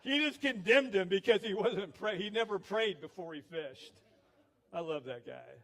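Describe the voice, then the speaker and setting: A man's voice: high voice, lively intonation, normal speed, a bit bright. A male pastor giving a sermon, telling stories with acted quotes. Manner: storytelling with laughs, acted quotes.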